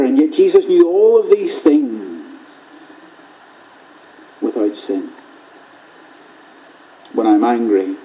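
A man preaching an expository sermon in a measured way, repeating phrases for emphasis and dropping to a hush at key points. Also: medium pitch, poor audio.

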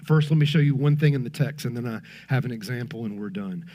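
A man preaching a sermon to his congregation, earnest and conversational, swinging between emphatic lines and hushed ones. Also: medium pitch, fast talker. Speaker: pastor.

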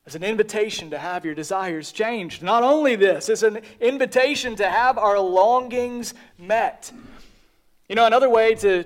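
A male preacher delivering a sermon, earnest, repeating key phrases and dropping to a near whisper at the ends of lines. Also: high voice.

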